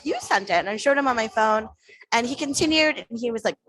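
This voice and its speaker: Speaking fast in a slightly high voice, a female podcast guest relaxedly recounts a story and performs the back-and-forth conversations with lively energy. The audio is rough.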